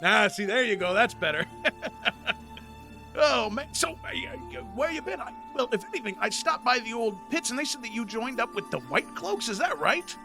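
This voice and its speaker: A man's voice: extremely high pitch, very animated, normal speed, vocal fry, sharp tone, soft background music, voice pushed up, exaggerated voice. A man voicing a boisterous tusked male brawler who swears, teases and laughs a lot. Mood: teasing.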